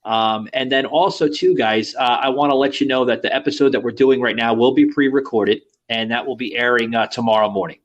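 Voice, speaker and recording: A man's voice: medium pitch, fairly quick, few pauses, highs cut off. A man hosting a podcast in casual chat, rambling with many fillers and crude banter. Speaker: podcast host.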